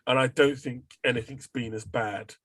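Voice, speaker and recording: A man with a husky, mid-pitched voice, hosting a loose podcast chat between friends. He rambles, throws in fillers and swears now and then. His voice sounds dry and close to the mic. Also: fairly even intonation, moderate pace, a bit bright, dry recording. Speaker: podcast host. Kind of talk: casual chat.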